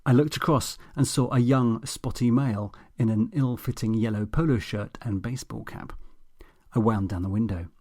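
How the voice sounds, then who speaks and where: A man's voice: medium pitch, moderate pace, dark tone. A man reading a comic audiobook in a dry, sardonic, self-mocking way. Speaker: audiobook narrator.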